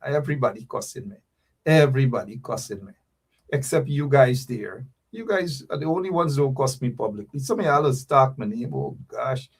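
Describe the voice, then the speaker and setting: A man hosts a livestream talk show. He speaks straight to his viewers in an animated, teasing way. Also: medium pitch, normal speed, slightly rough.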